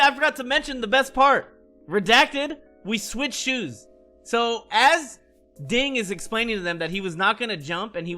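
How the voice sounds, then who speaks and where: A man excitedly recapping a wild night to his stream, swearing and jumping between voices as he tells it. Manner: excitable, swears, acts out quotes with big pitch swings. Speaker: streamer telling stories. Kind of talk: animated storytelling recap.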